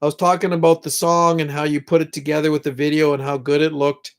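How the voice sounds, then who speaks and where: A man's voice: a little high, little pitch movement. A middle-aged man hosting a casual livestream, chatting with viewers in a rambling, heartfelt way and reading their comments. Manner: slow, rambling, emotional, prays aloud with viewers. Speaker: livestream host.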